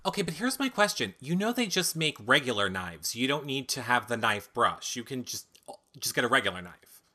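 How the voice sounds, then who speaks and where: Bright-sounding guy hosting, dry teasing tone. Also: mid-range voice, sing-song, a little fast. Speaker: host. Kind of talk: casual chat.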